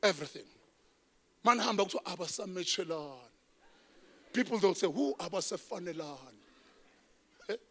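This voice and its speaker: Bright, high-pitched South African preacher. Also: male voice, brisk, pauses often. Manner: animated storytelling preacher, swinging between loud and hushed. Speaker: pastor. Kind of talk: sermon. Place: church.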